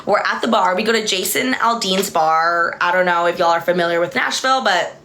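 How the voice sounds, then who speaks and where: A woman's voice: on the low side, brisk, sharp tone. A woman hosting a livestream in a loose, rambling way. She tells stories, gets distracted and laughs often while she talks. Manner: rambling, chatty, easily distracted. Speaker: livestream host. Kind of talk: casual livestream chat and storytelling.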